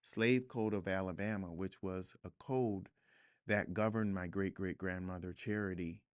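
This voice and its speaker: A man's voice: low-pitched, steady tone, a little slow, smooth, no echo. A man speaking as a guest author in a studio interview, earnest and reflective, building to emphatic points. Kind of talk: podcast interview conversation.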